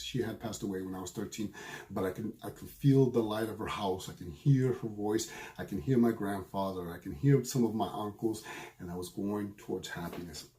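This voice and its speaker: A middle-aged spiritual medium tells a personal story earnestly and emotionally, often halting and repeating phrases. His voice is on the low side and mellow.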